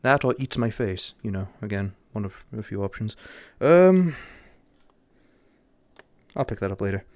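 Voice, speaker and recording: A young English man commenting jokingly and sarcastically while playing a horror game, getting excited easily. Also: lowish voice, measured pace, long pauses, no room sound, studio quality. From England. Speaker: gamer.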